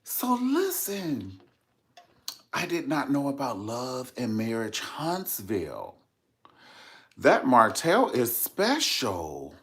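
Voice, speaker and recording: Animated sassy man dishing gossip. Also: medium pitch, slow. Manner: sassy, dramatic, profane, says "honey" a lot. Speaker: vlogger host. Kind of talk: casual celebrity gossip commentary.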